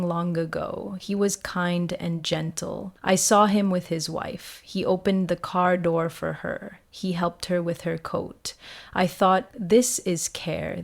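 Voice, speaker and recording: Slow, gravelly woman narrating a story. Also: fairly low pitch. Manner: simple short sentences, calm and even.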